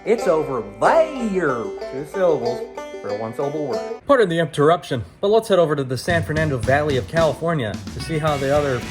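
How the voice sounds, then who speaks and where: A man's voice: a little high, animated, quick pace. A man hosts a comedic accent video, chatting playfully and slipping into regional voices as he goes. Faint guitar music plays behind him.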